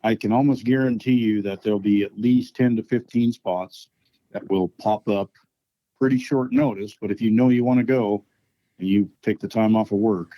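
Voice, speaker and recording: A man who organizes a shooting match, explaining things in a relaxed way in a casual podcast interview, often pausing with "um". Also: fairly low pitch, no room sound, lo-fi sound. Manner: relaxed, explaining at length with many ums.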